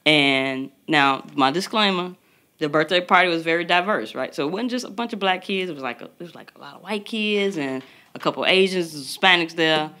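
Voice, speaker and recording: A woman in her thirties co-hosting a casual parenting podcast, telling stories in an animated way and acting out the voices of others. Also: lowish voice, fairly quick. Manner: animated storytelling, acts out quotes. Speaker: podcast co-host. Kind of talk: casual chat.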